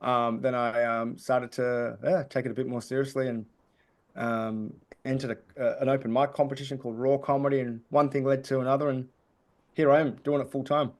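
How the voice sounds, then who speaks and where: A man's voice: mid-range voice, level tone, a little fast, darkish tone. A man, a comedian guest on a podcast, telling stories in a chatty, jokey way. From Australia. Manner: chatty storytelling with jokey asides. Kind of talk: casual podcast interview.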